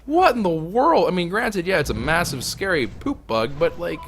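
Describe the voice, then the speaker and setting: Excitable young man with a bright voice. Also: high voice, normal speed, slight background noise. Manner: excitable, swings from mutters to loud outbursts. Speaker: gaming YouTuber. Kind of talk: casual let's play commentary.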